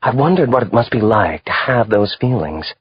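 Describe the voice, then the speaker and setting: A male audiobook narrator voicing a cold, calculating contract killer who speaks in a calm, hard way. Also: lowish voice, moderate pace, breathy edge, no room sound, muffled recording. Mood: musing. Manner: calm, hard, matter-of-fact.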